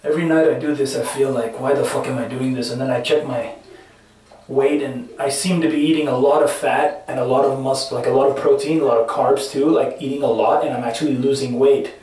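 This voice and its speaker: A man's voice: medium pitch, steady tone, a little fast, darkish tone, a little hiss or hum. Shivering man talking from an ice bath. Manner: rambling, profane, self-talk between gasps. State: shivering, breathing heavily. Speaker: vlogger. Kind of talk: casual vlog narration. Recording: echoey bathroom, mic at a distance.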